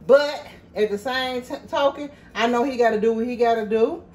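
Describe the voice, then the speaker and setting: A woman's voice: fairly high pitch, normal speed, a little mellow. A woman chatting casually with her viewers while she cooks in her home kitchen, laughing easily and calling them y'all. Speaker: cooking vlogger. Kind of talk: casual cooking vlog chat.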